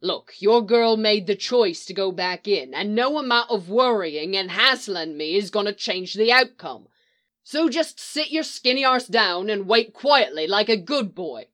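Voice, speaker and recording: A woman's voice: medium pitch, animated, unhurried, a bit bright. A woman reading aloud, voicing a weary grumbling male magician with an exasperated drone.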